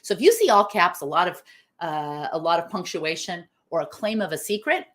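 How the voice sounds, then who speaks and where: A woman hosting a live online talk, emphatic and animated, asking her audience questions as she goes. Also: on the low side, normal speed. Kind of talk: lively live-stream talk.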